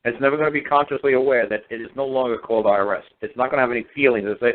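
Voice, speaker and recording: A man's voice: mid-range voice, fairly even intonation, rapid-fire, hardly any pauses. A man speaking on a talk show, hammering his points with repeated rhetorical questions. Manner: emphatic, repetitive rhetorical questions. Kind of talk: phone talk show discussion. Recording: phone line.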